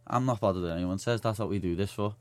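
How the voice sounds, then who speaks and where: A man's voice: fairly low pitch, fast, a little mellow, no room sound. A young man with a Liverpool accent, a guest in a radio studio, chatting casually and telling stories full of slang and fillers. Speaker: guest fighter.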